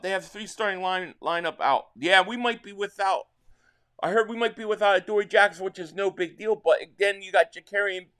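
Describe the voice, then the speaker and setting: Male stream host, high-pitched, slightly worn voice, excitable play-by-play reaction. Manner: excitable play-by-play calling, reading viewer chat. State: slightly losing his voice. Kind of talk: live sports reaction stream.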